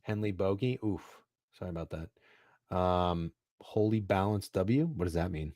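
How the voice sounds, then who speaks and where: A man's voice: low voice, a little slow, no room sound, studio quality. A man co-hosting a casual sports betting chat, rambling and swearing freely. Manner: profane, animated, rambling. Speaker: podcast co-host.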